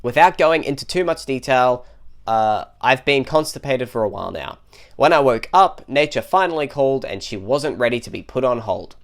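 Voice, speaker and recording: A man's voice: mid-range voice, lively intonation, normal speed. A man co-hosting a comedy show, reading online posts aloud in a casual way, with laughs and jokey asides. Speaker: co-host reading online stories.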